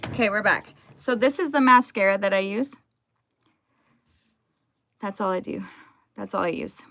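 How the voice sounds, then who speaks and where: A woman's voice: medium pitch, moderate pace, pushed and bright. A young woman live streaming from home, chatting casually and greeting her viewers by name.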